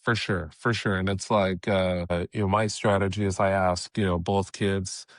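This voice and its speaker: A man from California, a guest comedian, chatting casually on a podcast with relaxed, hesitant speech and frequent restarts. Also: sits low, normal speed, dry recording, studio quality.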